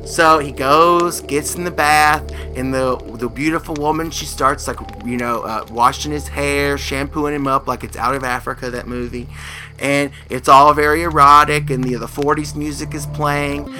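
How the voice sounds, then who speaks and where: A man's voice: on the high side, moderate pace, soft background music. A man telling a spooky story casually, acting out the characters. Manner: animated, acts out the characters' voices.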